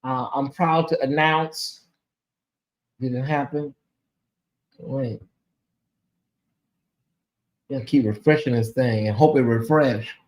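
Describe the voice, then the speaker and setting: A man's voice: medium pitch, fairly even intonation, slow pace, pauses often. A man hosting a casual livestream, chatty and emotional, sounding sleepy as he thanks viewers by name. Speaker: livestream host.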